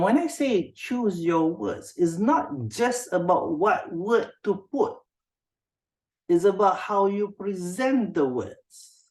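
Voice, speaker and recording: Malaysian man teaching with lively intonation. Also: fairly high pitch. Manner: code-switching, often checks in with a questioning "yeah?"; calls on students by name. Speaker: writing instructor. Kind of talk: interactive classroom lesson.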